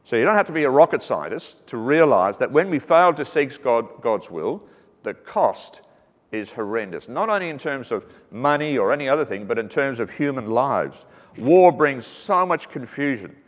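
A man at a mid pitch preaches a sermon in a big echoing hall. He teaches earnestly and slips in joking asides. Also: very animated, moderate pace. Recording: reverberant hall.

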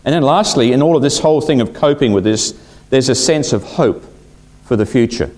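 A man preaching a sermon as pastor, expressive, swinging his voice up when acting out quotes and sinking to a hush. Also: medium pitch, fairly quick.

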